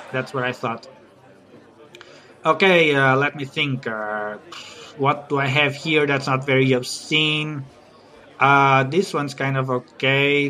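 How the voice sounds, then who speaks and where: A man's voice: a little high, pushed and bright. A man doing a stand-up comedy routine, chatty, teasing the audience and giggling at his own jokes.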